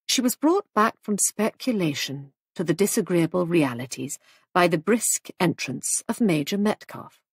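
A woman narrating a mystery audiobook in a measured storytelling manner, recorded close to the mic. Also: lowish voice, animated, slightly rough, no echo.

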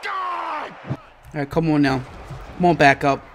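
A man hosting a gaming channel, giving live let's-play commentary and reacting excitably to each play. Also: fairly high pitch, takes it slowly, a little hiss or hum. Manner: excitable, yelling and groaning at plays.

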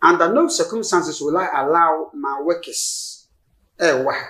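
Speaking as a guest, an older Ghanaian-accented church elder and spiritual leader responds to interview questions in an emphatic, preacherly manner, now and then switching into English phrases. His voice is a little high and fairly bright, his pace measured, and the studio sounds roomy.

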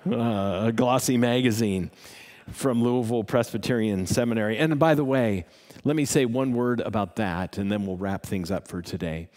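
A man preaching a sermon as pastor, telling a story with emphatic rises and closing in quiet prayer. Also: medium pitch, lively intonation, normal speed, long reverb tail.

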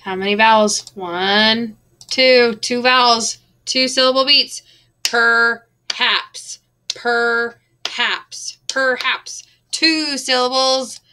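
A woman teaching a recorded lesson at an unhurried, deliberate pace. Her voice sits a little high and sounds bright. She stretches words out patiently to count their beats. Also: fairly even intonation, smooth. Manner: slow, patient, drawing out words to count syllables.

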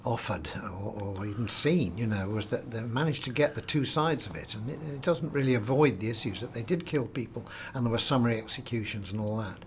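A man's voice: mid-range voice, brisk, few pauses, a little hiss or hum. A man interviewed as an actor, talking in a chatty, self-deprecating way and often stumbling over his first words. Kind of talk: casual interview chat.

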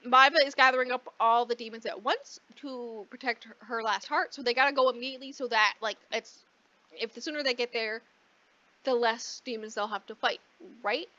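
A woman co-hosting a podcast, casually recapping a book in a rambling way, swearing freely and acting out the characters in quick asides. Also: a little high, steady tone, pushed and bright. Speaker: podcast co-host. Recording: dull lo-fi dry recording.

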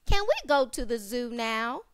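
Brief: woman doing a thrilled little girl in a storybook, high-pitched. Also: big pitch swings, measured pace, fairly bright tone, clean tone. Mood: excited. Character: excited little girl twin. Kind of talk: storybook character reading.

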